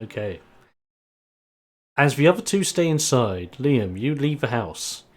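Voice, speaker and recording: A man's voice: mid-range voice, big pitch swings, a little slow. A man running a tabletop game, narrating the scene in a casual, descriptive way. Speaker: game master.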